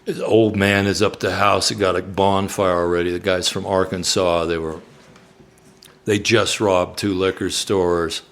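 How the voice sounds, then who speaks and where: A singer-songwriter on a live stage, spinning a story with lively energy and slipping into the voices of its people. His voice sits low with a gravelly rasp. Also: measured pace. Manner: animated storyteller, acts out quoted voices.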